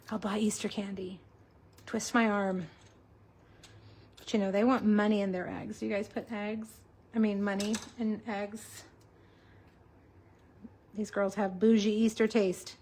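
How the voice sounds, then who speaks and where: A woman in her forties hosting a casual card-making livestream, chatting to viewers as she works. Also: on the high side. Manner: chatty, talks to viewers while crafting.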